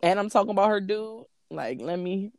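A woman in casual chat, animated and profane, acting out quoted lines and calling people "honey.". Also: mid-range voice, normal speed, no echo, studio quality. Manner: calls listener "honey" and "child".

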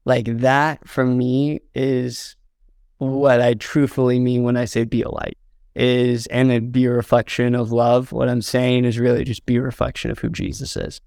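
Young male guest, earnest storyteller, slight fry, dry close recording. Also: medium pitch, little pitch movement, normal speed, a little mellow, no room sound. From southern Indiana, US. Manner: earnest, fills with "like" and "um", gets choked up. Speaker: interview guest, videographer. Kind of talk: heartfelt storytelling in a podcast interview.

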